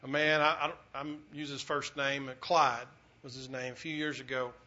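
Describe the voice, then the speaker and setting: A man preaching a sermon as pastor, telling a story earnestly, swelling loud and dropping quiet. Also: mid-range voice, little pitch movement, normal speed. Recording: dull lo-fi recording.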